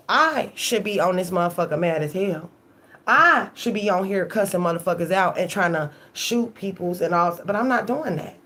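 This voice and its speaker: A woman's voice: medium pitch, a bit bright. A woman tarot reader giving an emphatic, profane live-stream monologue, often checking in with "okay?".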